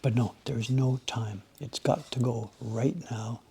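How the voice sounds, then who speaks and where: A man hosting a livestream from his workshop, chatting with viewers in a rambling, animated way while he works on a carving. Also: medium pitch, unhurried, gravelly, slightly rough. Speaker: livestream host, woodblock carver. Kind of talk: casual chat while working.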